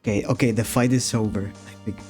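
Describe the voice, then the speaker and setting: A man's voice: fairly low pitch, steady tone, a little fast, a little mellow, soft background music. Chatty man streaming a game, laughing often. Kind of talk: casual game stream chat.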